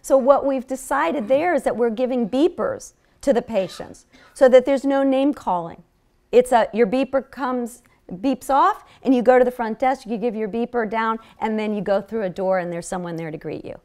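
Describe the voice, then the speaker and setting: At a public health seminar lecture, a woman with a slightly high, somewhat mellow voice speaks at a moderate pace. She tells stories from her clinic work earnestly, restarting her sentences frequently.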